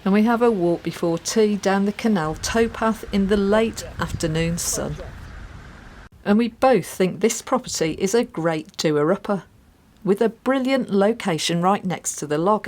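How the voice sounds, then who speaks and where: A woman's voice: medium pitch, moderate pace, darkish tone, no echo. A woman from the UK vlogging a van trip, chatting and laughing casually. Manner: giggly, chatty. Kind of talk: casual travel chat and voice-over.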